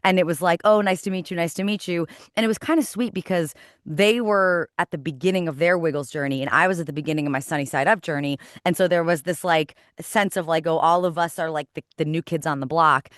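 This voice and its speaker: A woman in her thirties, a former kids' TV host, chatting as a podcast guest with animated, rambling storytelling. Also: sits low, fast, no room sound, studio quality. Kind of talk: casual interview chat.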